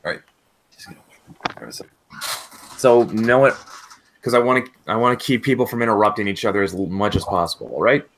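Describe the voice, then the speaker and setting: A man's voice: on the low side, fast talker, long pauses, fairly bright tone. Laid-back man running a tabletop game. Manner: laid-back, laughs often, says "all right" a lot. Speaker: game master. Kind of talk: casual game master narration.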